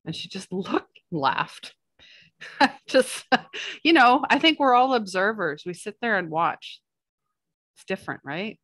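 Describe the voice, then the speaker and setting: A woman leading a spiritual workshop, talking in a chatty, rambling way with quick asides. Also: mid-range voice, animated, fairly bright tone, no room sound, studio quality. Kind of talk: casual spiritual talk.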